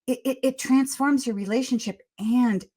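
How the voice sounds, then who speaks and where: Speaking at normal speed in a high, mellow voice, an older pediatrician gives parenting advice as a guest on a podcast. Her delivery is earnest and story-driven, with frequent restarts, in a conversational interview setting.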